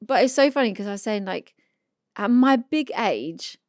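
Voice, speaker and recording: A woman in her thirties, a podcast co-host, chatting casually and telling a story with animated reenactment. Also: mid-range voice, moderate pace, no echo, clean studio sound. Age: 30s.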